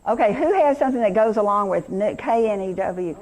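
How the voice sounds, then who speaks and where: A woman's voice: medium pitch, lively intonation, a little fast, a little mellow. A middle-aged woman teacher leading an interactive workshop lesson, enthusiastic and quizzing her audience.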